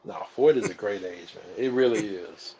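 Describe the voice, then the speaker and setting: A man's voice: lowish voice, normal speed, a crowd in the background, rough recording. A man in his forties, a guest on a casual livestream chat, talking in an easygoing, laid-back way. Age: 40s.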